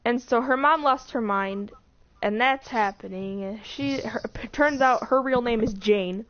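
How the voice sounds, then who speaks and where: A woman's voice: a little high, measured pace, fairly bright tone. A young woman in casual chat, recapping a TV show in a rambling way with lots of "like" and restarts. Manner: rambling, full of "like" and restarts, breaks into acted quotes. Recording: dull lo-fi recording with faint noise.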